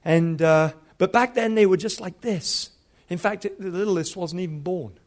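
High-voiced man in his fifties, a preacher delivering a sermon through animated, funny stories. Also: normal speed. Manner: animated, humorous storytelling. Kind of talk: storytelling sermon.

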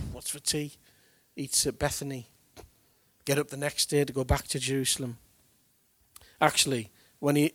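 A man preaching an animated sermon, speaking colloquially and acting out the voices of figures from the scriptures. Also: medium pitch, no echo. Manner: colloquial, acts out Bible voices.

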